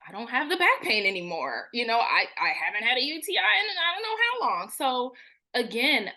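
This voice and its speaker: A woman's voice: a little high, very animated, fairly quick, pushed and bright. A woman in her thirties, a therapist and spiritual coach, telling her story in a frank, colloquial way and animating the thoughts she quotes. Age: 30s. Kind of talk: candid personal storytelling.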